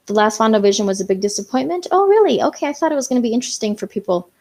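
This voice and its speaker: A young woman with a slightly high, sing-song, darkish voice talks very fast while hosting a casual live stream. She chats with viewers and reads their comments aloud, using lots of "um" and "you know".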